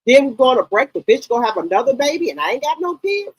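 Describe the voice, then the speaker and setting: A woman in her late forties or fifties hosting a gossip channel, talking to her viewers in an animated, outspoken and profane way. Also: high-pitched, fast talker, husky, no echo, rough recording. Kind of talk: casual commentary to viewers.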